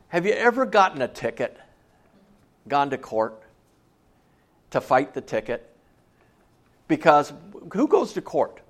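A man preaches a sermon in an easy, conversational manner. He keeps checking in with the congregation with questions. His voice sits a touch high for a man. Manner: conversational, asks the listeners questions. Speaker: pastor.

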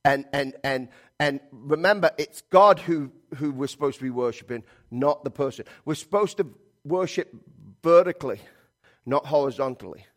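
A middle-aged man preaching a sermon, emphatic and repetitive, swinging between loud stresses and quiet asides. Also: medium pitch, normal speed. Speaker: pastor.

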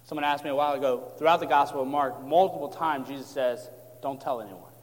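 A man preaching an expository sermon, calm as he explains and rising to impassioned emphasis. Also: medium pitch, quick pace. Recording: long hall reverb.

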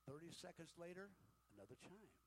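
A man preaching a sermon, telling a story with folksy humor, shifting between hushed and loud. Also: fairly high pitch, very animated, a little fast, slight background noise, poor audio. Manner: dramatic, swings from hushed to loud. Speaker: pastor.

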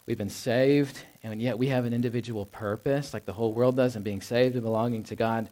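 A man's voice: mid-range voice, steady tone, brisk, warm tone. A man in his thirties preaching a sermon in a church, talking in a personal, conversational way with plenty of fillers and restarts. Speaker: pastor. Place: church sanctuary.

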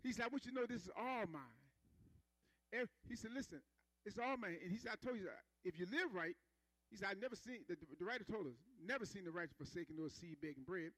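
A man's voice: high-pitched, quick pace, fairly bright tone, dry recording, low-quality recording. A man preaching a sermon in a conversational style, calling for responses from the congregation and building rhythmic emphasis.

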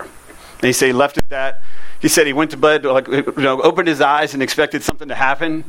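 A man's voice: medium pitch, little pitch movement, fairly quick, fairly bright tone. A man telling a personal ministry story in a casual, conversational way, often saying "you know" and "I mean". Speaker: youth ministry speaker.

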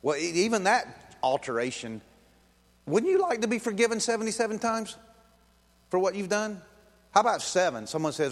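A man's voice: high-pitched, expressive, moderate pace, long pauses, in a large hall. A man preaching a sermon in a casual, conversational way, acting out quoted voices and chuckling as he goes. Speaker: pastor.

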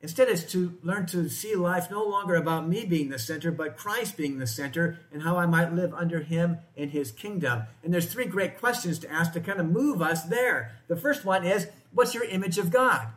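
Guy preaching in church, chatty, keeps asking the room questions, voice a bit on the high side. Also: normal speed, hardly any pauses, fairly bright tone. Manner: conversational, asks the congregation questions. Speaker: pastor. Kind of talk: sermon. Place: church, in front of a congregation.

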